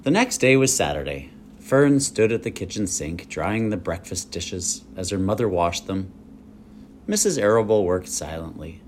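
A man narrating a children's book aloud in an expressive, animated reading voice. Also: deep voice, a little hiss or hum. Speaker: audiobook reader. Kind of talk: storybook read-aloud narration.

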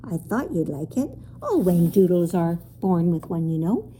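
A woman voicing a friendly, lonely moose-like royal creature with a deep voice and a lisp in a storybook reading. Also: big pitch swings, moderate pace, mellow, a little hiss or hum. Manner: cheerful, chatty, a little vain.

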